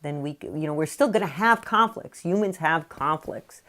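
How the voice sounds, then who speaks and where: Talking to camera, a parenting author explains her advice in a relaxed, conversational manner. Her low-pitched voice is expressive and a bit bright, she says "you know" a lot, and she briefly acts out lines parents say to their kids.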